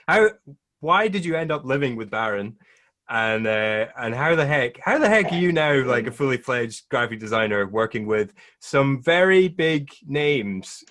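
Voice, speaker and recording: A man's voice: mid-range voice, expressive, a little slow, fairly bright tone. A man hosting a podcast in a casual chat, often laughing as he talks. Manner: chatty, laughs often while talking. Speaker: podcast host.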